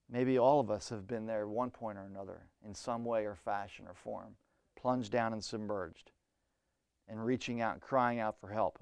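A man's voice: mid-range voice, dry recording, clean studio sound. A man preaching a sermon in an earnest, conversational way, often restarting phrases and adding "you know".

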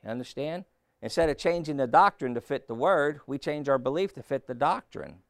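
A man's voice: a little high, brisk, no echo, clean studio sound. A man preaching a sermon, reading scripture aloud and throwing questions back at the listeners.

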